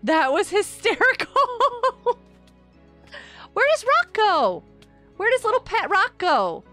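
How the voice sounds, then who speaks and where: Very high-pitched, giggly woman streamer. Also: normal speed, soft background music. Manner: giggly, excitable, chatting to viewers. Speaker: live streamer. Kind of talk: live-stream gameplay commentary.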